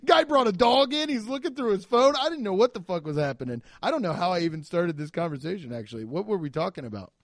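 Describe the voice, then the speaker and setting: A man's voice: high voice, expressive, fast, hardly any pauses, no room sound, studio quality. A man, a comedian and podcast host, telling rambling stories full of "like" and crude jokes in casual chat.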